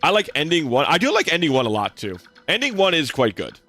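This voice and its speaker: A man's voice: on the high side, wildly swooping pitch, fast, sharp tone. A young man giving casual, rambling commentary while streaming a video game, with lots of fillers and restarts. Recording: faint game music behind.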